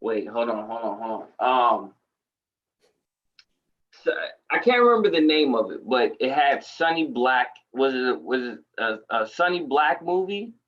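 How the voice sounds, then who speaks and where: A man's voice: mid-range voice, very animated, a little slow. Easygoing Boston man, lo-fi audio. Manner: easygoing, hesitant, thinking aloud. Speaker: co-host of an online news show. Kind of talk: casual chat. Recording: dull lo-fi audio.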